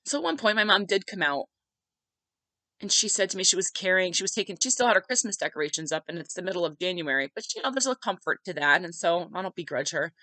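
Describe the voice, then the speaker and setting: Woman podcast host with a bright, tense tone and a dry, close sound; a heartfelt, chatty storyteller who says "like" a lot. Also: on the low side, animated, fast talker, dry recording, poor audio. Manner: conversational, heartfelt, many filler "like"s. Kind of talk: personal storytelling monologue.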